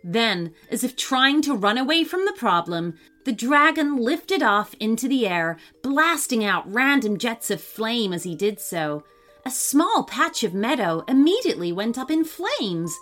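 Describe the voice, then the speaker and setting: A woman reading a children's story aloud as scripted narration, in an expressive storytelling manner. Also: a little high, measured pace. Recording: faint music under the voice.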